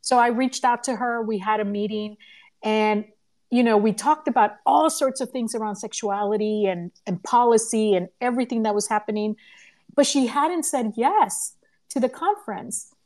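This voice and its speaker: A woman tells a long excited story about her conference in a casual online audio chat. She laughs often, her voice swinging up high when she acts out what others said. She speaks from home into a phone or computer mic. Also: moderate pace. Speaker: conference organizer and podcast host. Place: home living room. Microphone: phone or computer mic in a live audio room.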